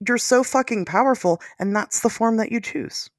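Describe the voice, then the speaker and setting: A woman hosting a podcast, chatting casually, sarcastic and quick to laugh. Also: fairly high pitch, dry recording, clean studio sound. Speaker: podcast host. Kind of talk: casual chat.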